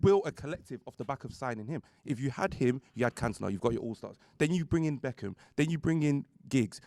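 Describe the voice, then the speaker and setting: An insistent man builds his football argument by listing names, his voice at a middle pitch. The sound is dry and close. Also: lively intonation, fast, a little mellow, dry recording. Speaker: football panel guest. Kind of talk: casual debate.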